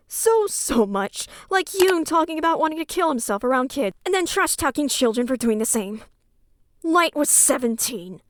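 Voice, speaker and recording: A woman's voice: sits high, big pitch swings, moderate pace, dry recording, studio quality. A woman narrating an angry personal account, bitter and cursing.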